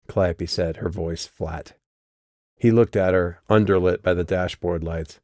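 Deep-voiced male audiobook narrator. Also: no echo, studio quality. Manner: steady, measured storytelling.

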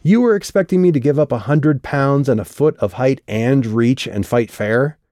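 A man's voice: mid-range voice, moderate pace, dark tone, no echo, clean studio sound, pitched above the performer's own voice, natural voice. Man voicing a curt, sneering tough young woman. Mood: defiant. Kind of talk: audiobook character voice.

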